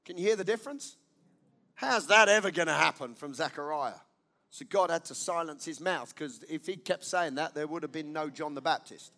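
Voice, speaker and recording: A man with a notably high voice preaches a sermon from the pulpit. He speaks with emphasis, says his key lines twice and turns to the congregation with direct questions. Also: brisk. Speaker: pastor.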